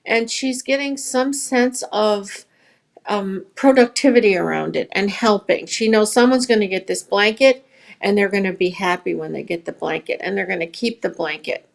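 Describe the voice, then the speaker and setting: Earnest woman with a gravelly voice. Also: mid-range voice, normal speed. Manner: earnest, storytelling. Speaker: yarn shop owner, guest. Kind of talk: casual podcast conversation.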